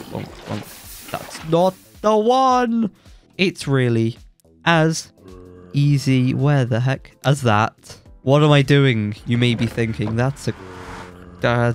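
Young man with a stuffy, blocked nose. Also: mid-range voice. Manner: excitable, jokey boasting, yelps when surprised. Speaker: gaming YouTuber. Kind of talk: let's play commentary.

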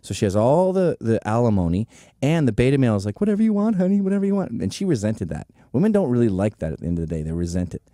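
A man's voice: lowish voice, sing-song, quick pace, mellow, no room sound, clean studio sound. A man in his forties hosting a show, delivering a profane, sarcastic comedic rant. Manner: profane, sarcastic, acts out quoted voices. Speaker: show host.

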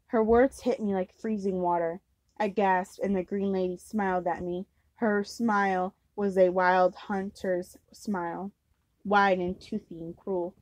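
A woman's voice: mid-range voice, steady tone, a little slow, a little mellow, dry recording, low-quality recording. A woman reading a novel aloud casually as an amateur reader, unpolished with slips and restarts.

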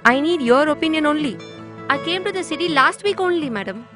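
A woman's voice: high voice, lively intonation, fairly quick. An actress dubbing an eager, anxious young woman asking her mother for advice. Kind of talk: film dubbing. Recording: film audio with loud music.

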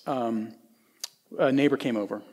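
A middle-aged man from Tennessee, preaching a sermon in a conversational storytelling way with folksy asides, swinging between lively and hushed. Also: mid-range voice, a little slow. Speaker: pastor. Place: church sanctuary. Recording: long church hall reverb.

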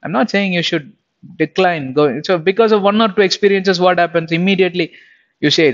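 A man's voice: sits high, brisk, highs cut off. A young adult man preaching a sermon in a conversational way, often asking his listeners questions.

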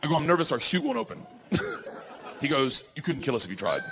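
A man in his forties telling a loud, animated stand-up story before a live audience. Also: a little high, fast talker, a little hiss or hum. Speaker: stand-up comedian. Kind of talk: stand-up set.

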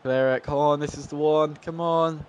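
A man giving live gameplay commentary, excitable, shouting at the match and joking with himself. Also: on the high side, moderate pace, clean tone, lo-fi sound. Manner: excitable, shouts at the match and laughs at his own jokes. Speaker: gaming channel host.

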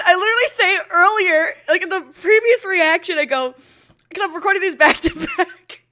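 A woman's voice: very high-pitched, moderate pace, pushed and bright. A young woman streaming an anime reaction, laughing so hard she cries and mocking herself with plenty of swearing. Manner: giggly, self-mocking, swearing freely. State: laughing to tears. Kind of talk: casual reaction commentary.

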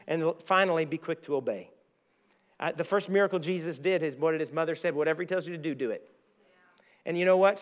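Male pastor from the US, high voice, middle-aged, lively storytelling sermon, repeats his words. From United States. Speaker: guest pastor. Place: church sanctuary.

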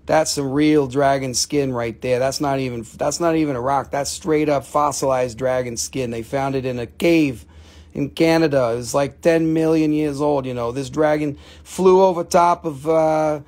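A man's voice: medium pitch, steady tone, moderate pace, darkish tone. A middle-aged man hosting a live stream, selling rocks with profane, joking, rambling talk.

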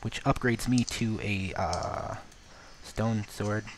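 Excitable low-voiced man narrating gameplay. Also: slow, a little hiss or hum. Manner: self-mocking, jumps from mumbling to excited outbursts; playing around with a put-on accent. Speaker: gaming video host. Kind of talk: let's-play game commentary.

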